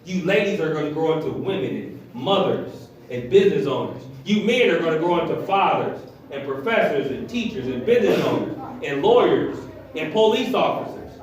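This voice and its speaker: In a church hall, a pastor preaches an animated sermon in a high voice, acting out characters' voices a little fast with few pauses. He's heard from far off the mic, with heavy echo around him, lo-fi sound and slight background noise.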